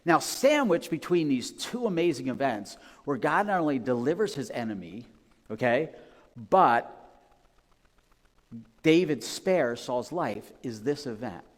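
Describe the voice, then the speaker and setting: A man's voice: mid-range voice, very animated, measured pace. Male pastor in a reverberant church hall. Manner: conversational, checks in with "okay?" and "right?". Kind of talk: casual storytelling sermon. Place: church sanctuary. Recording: long reverb of a large hall.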